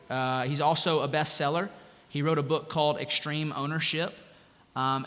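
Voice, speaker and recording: Bright-voiced pastor in an echoey hall. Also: male voice, a little high. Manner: animated and conversational, with jokes and asides. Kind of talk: sermon.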